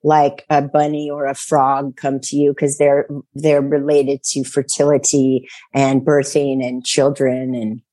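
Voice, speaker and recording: A woman guest on a talk show, telling stories in a rambling, animated way, full of fillers and laughter. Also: a bass voice, a little slow, hardly any pauses. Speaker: psychic guest. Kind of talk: casual chat.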